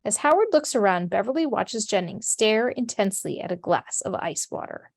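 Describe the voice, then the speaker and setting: A woman narrating the stage directions of a script in a steady, matter-of-fact way. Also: mid-range voice, normal speed, creaky, no room sound, studio quality.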